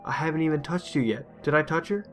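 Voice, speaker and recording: A man doing a furious, shouting mother. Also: fairly high pitch, quick pace, over music, voice pushed up, natural voice. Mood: furious scolding. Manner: shouting, harsh and scolding. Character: furious abusive mother, middle-aged woman.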